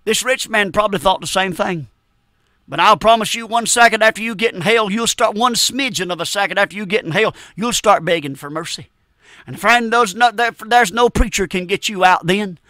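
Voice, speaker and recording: A man's voice: sits high, fairly quick, sharp tone, no room sound, clean studio sound. A man, preaching a fervent radio sermon, emphatic and repetitive, often calling his listeners friend. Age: 50s.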